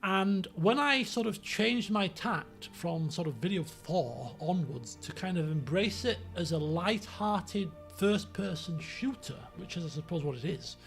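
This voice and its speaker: A man's voice: high voice, gravelly. A man with a Yorkshire accent, chatting casually on his stream, rambling with many fillers and restarts. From Yorkshire, England. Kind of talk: casual chat.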